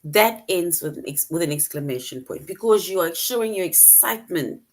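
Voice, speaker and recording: A woman's voice: on the low side, animated, moderate pace. Woman teaching a grade-school grammar lesson. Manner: patient, explains step by step and acts out example sentences. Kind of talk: online grammar lesson for children.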